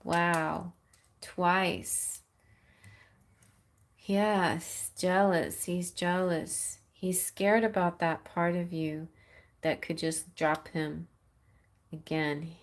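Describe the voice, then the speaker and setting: A woman's voice: lowish voice, steady tone, extremely slow, long pauses. A woman giving tarot readings on a live stream, reading messages aloud in a playful, giggly way. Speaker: tarot reader.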